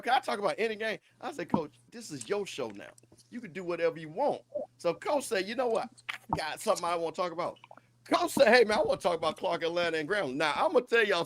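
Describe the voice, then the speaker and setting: Excitable middle-aged man, high voice. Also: slight background noise. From Jackson, Mississippi. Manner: excitable, repeats himself, jumps in with "hey, listen". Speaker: show host. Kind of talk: casual sports talk show.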